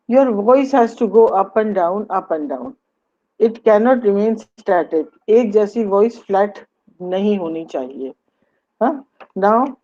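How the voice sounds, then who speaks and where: A woman with an Indian English accent gives a webinar lecture on communication skills in a mellow, mid-range voice. She teaches instructively, poses rhetorical questions, and slips into Hindi; the sound is lo-fi.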